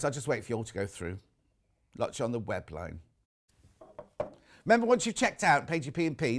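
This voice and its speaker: A man's voice: medium pitch, a little hiss or hum. A man with a British accent presenting live on a TV shopping channel, chatting casually and reading out viewer messages. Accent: British English. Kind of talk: live TV sales chat.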